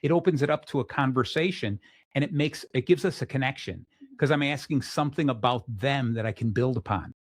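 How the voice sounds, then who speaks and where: Energetic man hosting a chat show. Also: mid-range voice, brisk, no room sound, clean studio sound. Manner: energetic, acts out quoted people; restarts often. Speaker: podcast host. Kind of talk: casual interview chat.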